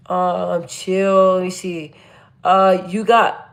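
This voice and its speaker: A woman live-streaming, reading chat comments and talking bluntly and energetically, with a naturally deep voice she lifts a little. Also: takes it slowly. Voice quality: naturally deep voice, pitched up a bit. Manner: chatty, blunt and energetic, full of fillers and restarts.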